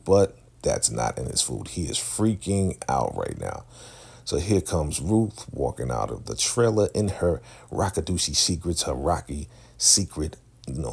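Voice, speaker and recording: Gravelly low-voiced man recapping casually. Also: a little mellow. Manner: loose, chatty retelling that acts out the characters' lines. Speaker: TV recap host.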